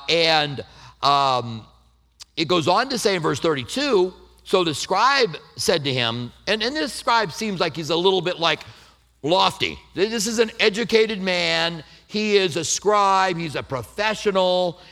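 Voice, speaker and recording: A middle-aged male pastor preaching in a relaxed, conversational way, with bits of self-deprecating humor. His voice sits a little high and moves through a very lively, swinging melody. He goes from warm explanation to light storytelling without losing the sermon's thread.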